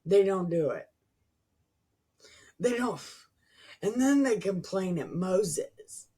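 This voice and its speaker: A woman reads scripture aloud at an unhurried, deliberate pace, her voice breathy and a little husky. Between verses she drops into profane, sarcastic commentary. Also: medium pitch, expressive, mellow. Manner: slow deliberate reading broken by profane sarcastic asides. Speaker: Bible reading channel host.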